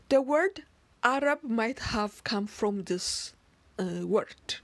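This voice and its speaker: A woman slowly explaining word origins in a lecture, deliberate, with occasional restarts. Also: on the high side, dry recording. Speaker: narrator.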